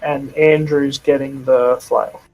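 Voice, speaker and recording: A man's voice: medium pitch, little pitch movement, slow, vocal fry, muffled recording, music in the background. A man talking as a player in a casual tabletop game, matter-of-fact.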